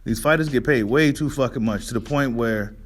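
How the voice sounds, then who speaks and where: Soft music plays beneath a boxing commentary host's casual rant, spoken briskly in a medium-pitched voice. The monologue turns heated and profane, and he keeps asking the audience "right?"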